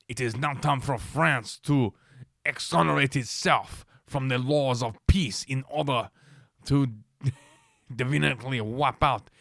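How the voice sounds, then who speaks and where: A man's voice: medium pitch, smooth, no echo. Sarcastic man reading news, dry sound. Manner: sarcastic, halting, many filler sounds. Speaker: podcast host. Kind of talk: reading news aloud with mocking commentary.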